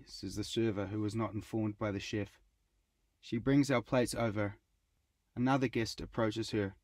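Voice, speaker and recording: Middle-aged male author-narrator, measured wry reading, dry close mic. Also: medium pitch, fairly even intonation, a little mellow, dry recording. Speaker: author narrating his own travel writing. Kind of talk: scripted audiobook narration.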